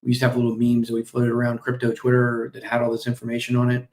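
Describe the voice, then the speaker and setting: A crypto show host talks fast in a monotone, mid-range male voice through a streaming mic. He casually reads out company news with jokey comments, fillers and apologies, sounding tired and yawning.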